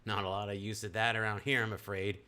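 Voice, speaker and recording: A man putting on the voice of a folksy, good-natured man in a text adventure game, drawling slowly and loudly. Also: fairly low pitch, little pitch movement, clean tone. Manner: drawled, slow and loud.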